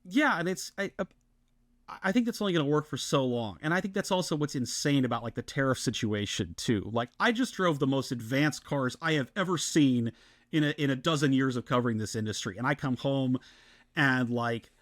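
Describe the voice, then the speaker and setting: A man in his thirties co-hosts a podcast, talking fast and getting worked up, full of restarts and "like"s. His voice sits in a middle register. It is recorded dry and close on a podcast mic. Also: medium pitch, no echo. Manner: excited, animated storytelling with many restarts. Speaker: podcast co-host. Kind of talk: casual podcast chat.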